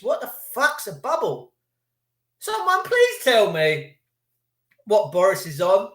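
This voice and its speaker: Sweary man ranting, bright. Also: sits high, wildly swooping pitch, slow pace, long pauses, echoey room. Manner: swearing, mocking, acts out voices. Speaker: livestream ranter. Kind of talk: angry livestream rant.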